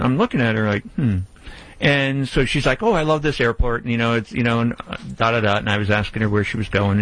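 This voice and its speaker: A man's voice: mid-range voice, no room sound, low-quality recording. Chatty male radio host telling a story in a dry studio booth. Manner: storytelling, chatty, animated retelling. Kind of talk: casual radio chat.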